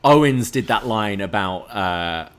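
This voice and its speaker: A man's voice: fairly low pitch, lively intonation, a little slow, fairly bright tone. A man co-hosting a live wrestling watch-along, talking casually in a dry, critical, matter-of-fact way. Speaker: livestream co-host.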